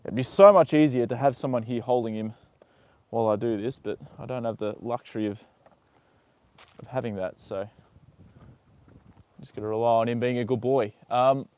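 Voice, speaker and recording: A man's voice: medium pitch, fairly even intonation, moderate pace, long pauses, a little mellow, clean tone, no echo. A man live-streaming casually as he tends a horse's leg, muttering, swearing and chatting to viewers and the animal. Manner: swears freely, mutters while working, talks to his horse. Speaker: livestreamer caring for a horse.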